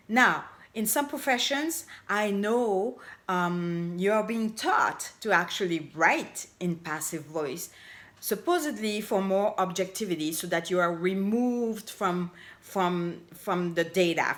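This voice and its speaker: A middle-aged woman coaching on language, giving an upbeat, emphatic grammar lesson and slowly stretching out her example phrases. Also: lowish voice, a bit bright. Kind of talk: casual explainer lesson to camera.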